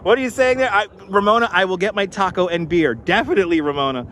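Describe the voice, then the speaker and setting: A man hosting a live walking tour stream outdoors by a harbor, excitable and out of breath, thanking donors effusively through a clip-on mic. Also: sits high, quick pace, slight background noise, rough recording. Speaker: livestream host. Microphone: wireless clip-on mic.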